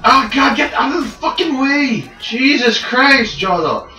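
A young man playing a co-op shooter with friends, excitable and yelping at every threat. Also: measured pace. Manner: excitable, yelps and jumps in pitch. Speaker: gamer playing co-op. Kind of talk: casual let's-play chat. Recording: roomy, distant mic, game music.

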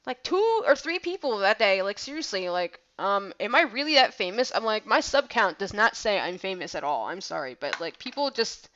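A woman's voice: mid-range voice, a bit bright, lo-fi sound. A woman giving casual gameplay commentary over her own battle, rambling and self-deprecating, with lots of "like" fillers.

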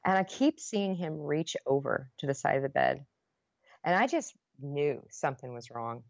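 A woman's voice: low voice, lively intonation, normal speed, vocal fry, dry recording, muffled recording. A woman guest on a podcast, earnestly retelling a painful personal story with many restarts.

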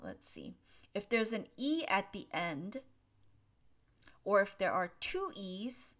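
A young woman teaches English on a live stream, reading out viewers' questions and answering them one by one. She speaks slowly and patiently, and her pitch sits in an ordinary middle range. Her delivery is gentle and full of small ums as she works through the chat.

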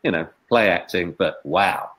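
Male interview guest, low voice, storyteller who swings from quiet to emphatic. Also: a little slow, rough recording. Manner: expressive, swings from hushed to emphatic. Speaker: dog trainer and veterinarian, interview guest.

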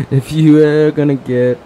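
A man's voice: on the high side, dark tone, a little hiss or hum. A man giving crude, joking commentary as he streams a game, laughing often. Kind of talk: casual gameplay commentary.

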